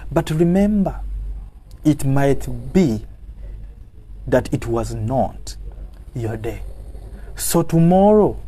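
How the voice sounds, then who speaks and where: A man with a Ugandan accent delivers an encouraging sermon in a mellow, warm voice at an ordinary pitch. He moves between Luganda and English and repeats phrases for emphasis. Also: breathy edge. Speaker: preacher. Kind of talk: motivational sermon.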